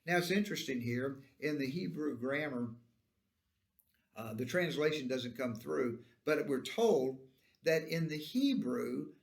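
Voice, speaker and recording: A man's voice: mid-range voice, gravelly. A man teaching a Sunday school Bible lesson, explaining the verses and reading them out with emphasis.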